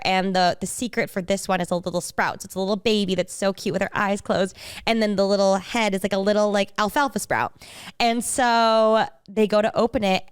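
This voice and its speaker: A woman co-hosting a podcast, telling a story in an animated, gushing way. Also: mid-range voice, clear, resonant tone, no echo, clean studio sound. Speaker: podcast co-host. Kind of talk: casual chat.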